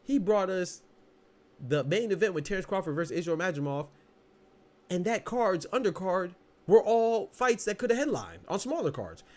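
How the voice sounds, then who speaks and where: A man's voice: high-pitched, sing-song, normal speed, a little mellow. A man in his thirties hosting a boxing podcast, telling a story in casual slang and laughing as he goes. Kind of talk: casual storytelling and live chat.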